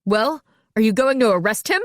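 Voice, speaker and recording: Playing an outspoken, hot-tempered chef, a woman delivers indignant, clipped, sniping lines. Her voice is a little high and expressive, raised above her natural pitch but close to everyday speech, at normal speed. The recording is studio quality with no room sound.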